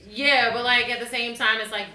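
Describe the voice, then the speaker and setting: A woman's voice: on the high side, fairly even intonation, fairly quick, reverberant, crowd noise. A woman hosting a casual group chat, teasing and laughing as she talks. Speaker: podcast host.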